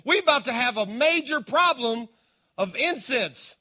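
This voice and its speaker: A man delivers a sermon, his voice sitting high and ringing bright. He drives points home with bursts of force, then pulls back to quiet, earnest appeals. He calls out to the congregation as he goes. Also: expressive, measured pace. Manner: impassioned preaching, swinging between loud emphasis and hushed appeals. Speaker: pastor.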